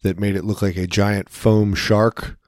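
A man's voice: fairly low pitch, level tone, unhurried, a little mellow, no echo, clean studio sound. A man chatting casually as a podcast co-host, telling rambling, jokey stories with lots of restarts. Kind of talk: casual chat.

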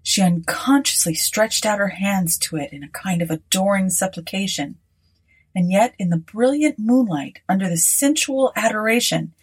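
A woman narrating a story in a measured, unhurried way with a breathy voice. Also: mid-range voice, animated, rough recording.

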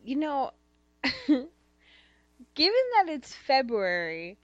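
A woman's voice: sits high, huge pitch swings, drawn-out words, no echo, dull audio. Joking self-deprecating woman co-host. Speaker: podcast co-host. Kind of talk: casual chat.

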